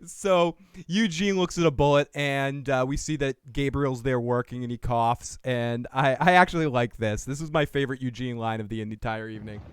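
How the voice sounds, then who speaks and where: A man's voice: medium pitch, moderate pace, clear, resonant tone, no room sound, studio quality. A man hosting a casual show recap, laughing often and reading viewer comments aloud. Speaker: podcast host.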